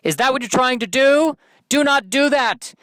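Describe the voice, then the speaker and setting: A man's voice: very high voice, normal speed, a bit bright, pitched above the performer's own voice. A man voicing a bossy alpha male bird who lectures a smaller bird in a condescending tone.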